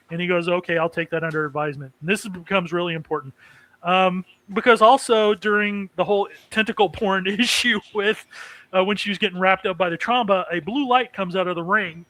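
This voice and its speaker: A man's voice: high-pitched, moderate pace, bright, forceful tone, no echo, low-quality recording. A man hosting a casual anime recap, rambling with many fillers and chuckling as he goes. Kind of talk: casual chat.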